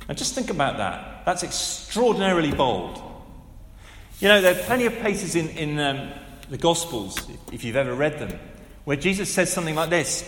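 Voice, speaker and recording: Male preacher, 50s, lively delivery, roomy church reverb. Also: a little high, normal speed. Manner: animated, conversational, with asides and rhetorical questions. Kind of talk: sermon. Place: large church hall. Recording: echoey hall with long reverb.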